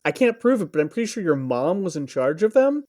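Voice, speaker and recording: A man's voice: a little high, sing-song, fairly quick, darkish tone. A man co-hosting a podcast, riffing on fantasy lore in casual chat with plenty of swearing and jokes. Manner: profane, joking lore rambling. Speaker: podcast co-host.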